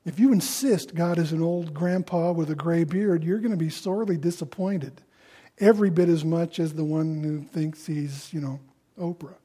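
A man preaching a sermon in a conversational way, acting out the people he quotes in louder voices. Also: on the high side, normal speed, slightly rough. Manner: conversational, acts out quoted voices with rising loudness.

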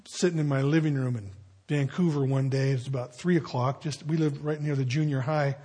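A man's voice: medium pitch, steady tone, a little fast, dark tone, breathy edge. An older man, a pastor, preaching a sermon to his congregation with folksy storytelling and conversational asides.

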